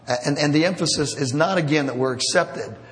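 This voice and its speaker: A man's voice: on the high side, a little fast. A middle-aged man preaching a sermon as pastor, conversational and self-deprecating, with humorous asides. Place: church sanctuary. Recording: long reverb of a church hall.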